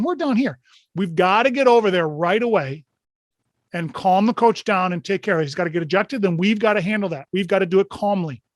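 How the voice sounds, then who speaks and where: A man's voice: sits high, no room sound. A man hosting an online meeting for basketball officials, talking through a clip in a conversational way with frequent rhetorical questions. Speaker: meeting host. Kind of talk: instructional talk to officials. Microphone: video call.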